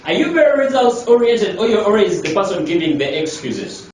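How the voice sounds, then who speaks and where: A man's voice: high voice, lively intonation, a little fast, darkish tone, slight background noise. A man working as a life coach, giving an emphatic motivational talk to a group, repeating his key lines and asking rhetorical questions. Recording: echoey room, distant mic.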